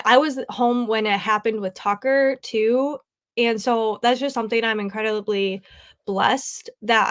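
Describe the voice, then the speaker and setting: A young adult woman with a fairly high, fairly bright, clear and resonant voice hosts a casual crafting livestream from home. Tearful and grieving, she's chatty, laughs often, and says "like" a lot while reading comments.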